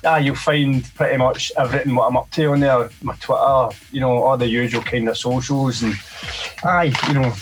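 A man's voice: medium pitch, fairly even intonation, moderate pace, soft background music, poor audio. A Scottish man, a DJ and producer, chatting casually in an interview, rambling and dropping "mate" and "you know" often. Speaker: DJ and producer guest.

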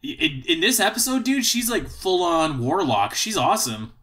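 A man's voice: sits high, big pitch swings, normal speed, fairly bright tone. A man co-hosting a podcast, chatting casually and joking, often trailing off mid-sentence. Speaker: podcast co-host. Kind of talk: casual chat.

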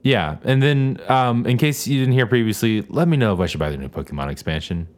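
Male co-host, casual chat, lively swinging pitch, playful and jokey. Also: brisk. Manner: joking, lively, breaks into silly bits and quoted voices. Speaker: podcast co-host.

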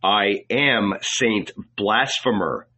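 Audiobook: male reader as a fiery, mocking preacher, slow and weighty, husky tone, dull recording. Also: fairly low pitch, bright, forceful tone, full character voice. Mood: defiant. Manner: firm, weighty, at times sarcastic.

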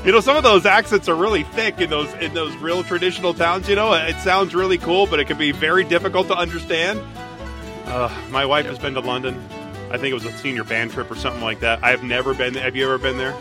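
A man's voice: a little high, quick pace, over music. A man hosting a casual podcast, easygoing and chuckling between remarks. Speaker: podcast host.

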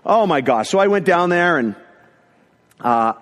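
Middle-aged man, higher-pitched, lively sermon storyteller, long hall reverb. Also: measured pace. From northern Ontario, Canada. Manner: animated storyteller who acts out quotes. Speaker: speaker sharing a testimony. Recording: echoey hall.

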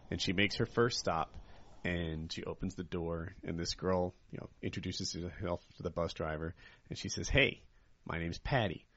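Gravelly low-voiced man telling jokes. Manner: rambling joke-telling with loud laughs. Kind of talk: casual chat among friends. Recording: dull lo-fi recording with faint noise.

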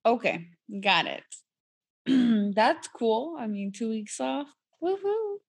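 A woman's voice: a little high, animated, slow, gravelly, slightly rough. A woman co-hosting a casual podcast, laughing often and reacting bluntly, with some swearing. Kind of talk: casual chat.

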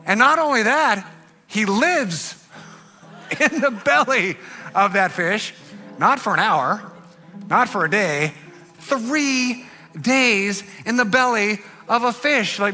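A man preaching a sermon, telling a story dramatically and swinging between loud bursts and hushed lines. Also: high voice, slow. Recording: long hall reverb with faint music.

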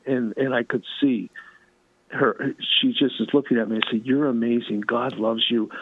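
A man telling fervent testimony stories as a talk show guest, with a husky voice and many restarts. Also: mid-range voice, no echo, narrow, tinny audio.

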